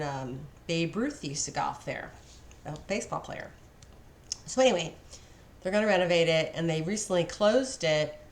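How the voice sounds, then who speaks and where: A woman with a fairly low voice chats casually to camera. She tells an everyday story and slips into livelier voices for the people in it. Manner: chatty, acts out quoted dialogue with lively voice shifts. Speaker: vlogger.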